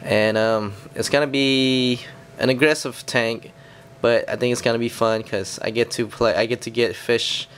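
A hoarse man, losing his voice, talking casually to his subscribers in a halting way with many pauses and fillers. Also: mid-range voice, steady tone, fairly bright tone, slight background noise. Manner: halting, many pauses and fillers, keeps addressing viewers as guys. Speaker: hobbyist vlogger. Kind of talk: casual DIY video chat to subscribers.

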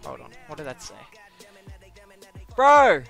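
A young Australian man streaming a game, excitable and quick to exclaim and swear. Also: a little high, vocal fry, soft background music. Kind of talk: live stream reaction.

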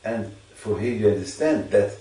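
Religious teacher, male, low voice, halting and repetitive delivery, heard from a distance. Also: lively intonation, mellow. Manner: halting, repeats phrases for emphasis. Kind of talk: informal Torah teaching to a listener. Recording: echoey room, distant mic.

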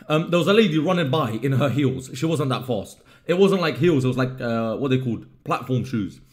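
A man's voice: mid-range voice, animated, a little fast, few pauses. A young man streamer casually telling a story to his live chat, joking and swearing freely.

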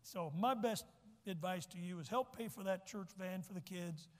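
Male pastor, folksy preaching, high voice, church echo, long reverb. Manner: folksy, joking asides, repeats points slowly. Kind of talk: sermon. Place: church sanctuary.

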